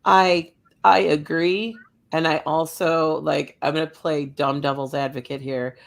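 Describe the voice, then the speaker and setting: Gravelly co-host asking rhetorical questions. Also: medium pitch, level tone, measured pace. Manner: conversational, argues with rhetorical questions. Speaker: podcast co-host. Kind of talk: casual panel discussion.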